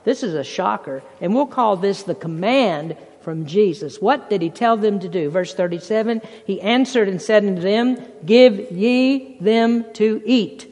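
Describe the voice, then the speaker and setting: A preacher delivering a sermon, emphatic, quoting scripture and swinging between loud bursts and hushed passages. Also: mid-range voice, lively intonation, normal speed, few pauses, big-room sound. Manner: quotes scripture and acts out voices.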